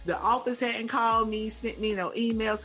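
Lively woman co-host telling a story. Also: on the high side, moderate pace, soft background music. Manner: animated, laughing, exclaiming, talks to listeners as "y'all". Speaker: podcast co-host. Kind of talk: casual chat, storytelling.

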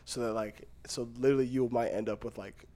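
A man's voice: medium pitch, fairly even intonation, a little fast, mellow. A young man co-hosting a podcast, chatting loosely with lots of fillers and frequent laughter. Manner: rambling, laughs often, many fillers. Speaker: podcast co-host. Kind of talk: casual chat.

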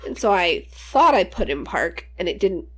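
A woman's voice: lowish voice, very animated, moderate pace, a bit bright. Young woman rambling thru a swear-heavy story, voice bouncing all over. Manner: rambling, profane, laughing storyteller. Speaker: podcast co-host. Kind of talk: casual storytelling chat.

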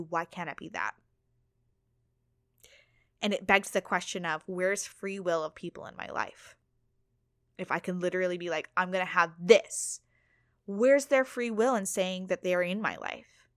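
A woman's voice: lowish voice, a bit bright, no echo, clean studio sound. A woman hosting a solo podcast, talking casually and candidly, swearing now and then and laughing at herself. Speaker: podcast host.

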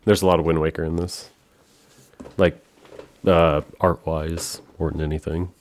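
A man with a very low voice hosts a podcast, talking loosely and at length. His speech is full of fillers like "like" and "um", and it is peppered with casual swearing. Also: flat delivery, measured pace, darkish tone, slight background noise. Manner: rambling, profane, full of fillers. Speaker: podcast host. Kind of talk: casual chat.

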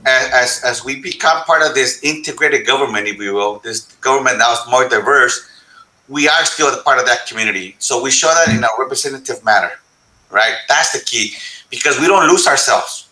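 A man with a strikingly bright voice speaks on a panel in an echoey room. He talks in an animated way, mixes English with Spanish, and keeps tossing in "right?". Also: mid-range voice, a little fast. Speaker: panel guest. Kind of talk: panel discussion.

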